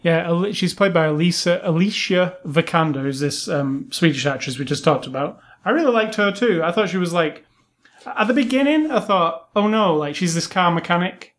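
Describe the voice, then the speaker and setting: A man's voice: high-pitched, animated, moderate pace. A man co-hosting a casual movie review chat, opinionated and chatty, with frequent ums and restarts. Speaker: podcast co-host.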